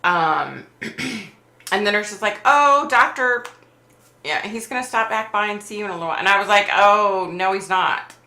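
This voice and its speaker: A woman talks casually on her livestream, acting out each line of the story. Her voice sits low with a gravelly, fry-laden edge and a bright, forceful tone. She is recorded in an echoey room. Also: brisk. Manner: animated storyteller acting out quoted exchanges, laughs often. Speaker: livestream host.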